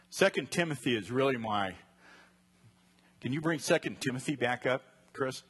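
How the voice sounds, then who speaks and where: A middle-aged man preaching a sermon as a pastor, telling a personal story in an animated way and acting out the voices in his head. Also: mid-range voice, slightly rough.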